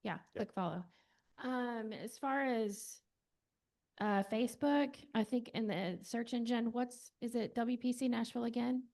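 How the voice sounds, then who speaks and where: Church staffer, woman, higher voice, halting explanation. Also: vocal fry, darkish tone. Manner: hesitant, many fillers. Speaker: church staff member explaining social media.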